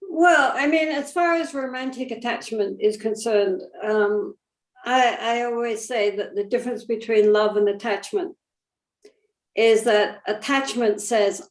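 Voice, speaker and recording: An older woman, a Buddhist teacher, answering questions in a gentle, thoughtful way, often pausing with "you know". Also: fairly high pitch, fairly even intonation, reverberant. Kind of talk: reflective spiritual teaching.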